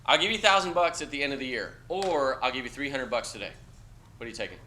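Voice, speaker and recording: A middle-aged university lecturer with a mid-range voice speaks fast, with a bright, forceful tone. His casual classroom lecture is blunt and conversational, and he ends lines with "okay?"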